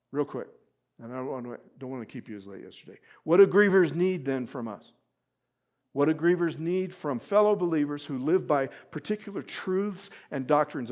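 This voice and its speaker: This preacher, a man with a fairly high-pitched voice, gives a sermon that shifts from loud emphatic appeals to hushed asides. He dramatizes quoted speech with real feeling.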